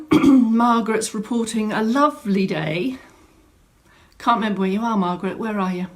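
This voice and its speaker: A woman's voice: mid-range voice, moderate pace. Woman instructor, chatty and welcoming, home studio live stream. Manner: chatty, greets viewers by name. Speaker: fitness instructor. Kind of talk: live online class welcome. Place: home room set up as studio.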